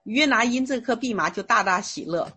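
A woman interpreting a sermon phrase by phrase, steady and rephrasing with small fillers. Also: on the high side, brisk, slightly rough.

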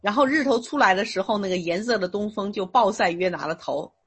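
A woman with a very husky voice of middle pitch interprets a sermon phrase by phrase. She speaks steadily and sometimes pauses to rephrase with small fillers.

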